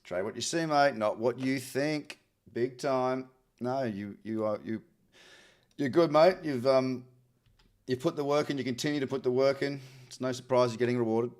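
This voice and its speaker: Medium-pitched with a darkish tone, this Australian host talks at normal speed during a live chart scan. He's upbeat, frequently repeats words and answers questions from chat.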